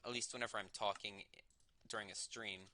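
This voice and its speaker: A man's voice: fairly low pitch, steady tone, a little fast, pushed and bright. A young man streaming a game, talking to himself in a casual, rambling way and correcting himself as he goes, with a slight lisp on his S sounds. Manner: musing aloud, self-correcting while playing. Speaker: livestreamer. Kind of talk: casual gameplay commentary.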